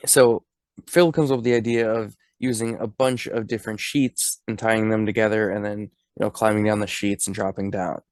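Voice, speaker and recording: A man's voice: on the low side, flat delivery, moderate pace, no echo, studio quality. A man co-hosting a podcast who laughs often while retelling movie scenes and acting out the lines. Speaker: podcast co-host. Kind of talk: casual movie recap chat.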